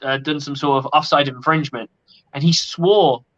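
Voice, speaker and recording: A man's voice: a little high, steady tone, moderate pace, a bit bright. A man talking casually on a sports podcast, blunt and opinionated and swearing freely. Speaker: podcast co-host. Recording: lo-fi audio.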